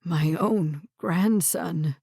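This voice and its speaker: A woman's voice: fairly low pitch, drawn-out words, vocal fry, dark tone, breathy edge, no room sound, studio quality, pitched below the performer's own voice, full character voice. A woman voicing a frail, kindly old grandfather with a quavering, hesitant voice in an audiobook. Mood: hurt.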